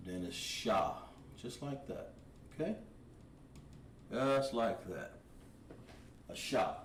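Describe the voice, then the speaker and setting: A man teaching a language lesson on a livestream, explaining words patiently and repeating them, with frequent throat clearing. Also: on the low side, lively intonation, slow pace, long pauses. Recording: roomy echo, distant from the mic, faint ambient noise.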